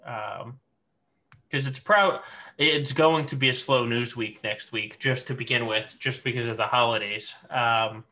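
Male podcast co-host, bright and forceful tone, casual rambling delivery full of ums. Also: medium pitch, steady tone, measured pace. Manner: easygoing, rambling with many fillers. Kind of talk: casual gaming podcast chat.

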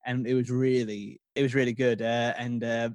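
A man's voice: mid-range voice, little pitch movement, normal speed, no echo. A man in his thirties co-hosting a casual chat about music, talking in a hesitant, chatty way full of fillers. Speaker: podcast co-host.

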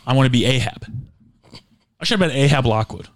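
A man's voice: mid-range voice, lively intonation, fairly quick. A man co-hosting a podcast, riffing and joking in casual comedic banter into a studio microphone. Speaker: podcast co-host. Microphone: dry studio microphone.

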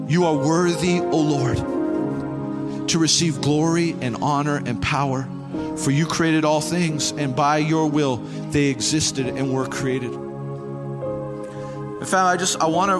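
High-voiced man preaching in a church hall. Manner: passionate preaching, repeats phrases, rises to fervent exhortation. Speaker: pastor. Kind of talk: sermon. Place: church sanctuary. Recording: church hall reverb with faint music.

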